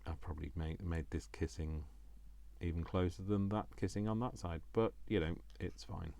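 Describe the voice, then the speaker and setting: This British man's low, creaky, mellow voice stays fairly even in intonation at a moderate pace. A crafting vlogger, he talks casually to himself while working on a project and jokes about himself.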